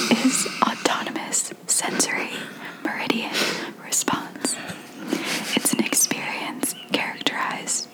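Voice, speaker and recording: A woman's voice: high voice, poor audio. A young woman co-hosting a podcast in a whispered chat, talking with a slight lisp and stumbling over hard words. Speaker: podcast co-host.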